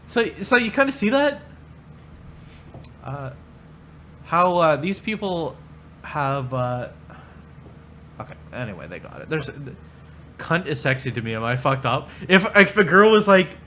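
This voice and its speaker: Casting: male streamer, bright tense tone, crude mocking ramble. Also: a little high, sing-song, normal speed, pauses often, a little hiss or hum. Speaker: livestreamer. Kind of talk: profane livestream rant.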